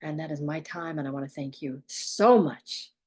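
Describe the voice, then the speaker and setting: A woman's voice: deep voice, moderate pace, darkish tone, slightly rough. A woman parenting coach giving blunt, emphatic advice straight to the viewer, repeating points for stress. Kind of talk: direct advice monologue.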